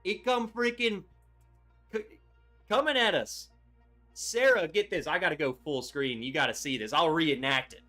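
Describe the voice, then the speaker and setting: A man hosting a livestream, telling a story in an animated, excitable way with lots of "like"s. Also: on the high side, moderate pace, soft background music. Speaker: livestream host.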